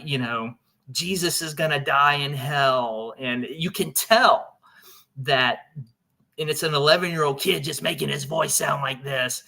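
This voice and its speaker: A man with a bright, forward voice hosts a paranormal show. He tells his story casually, with lots of fillers and restarts, and breaks into laughter now and then. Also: fairly high pitch. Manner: chatty, laughs often, many restarts and fillers.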